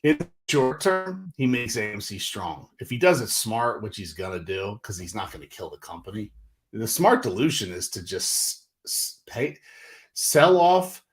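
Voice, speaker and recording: A man, hosting a casual livestream with animated, exasperated talk full of fillers. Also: on the low side, normal speed. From Northeastern US. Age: 40s. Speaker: livestream host.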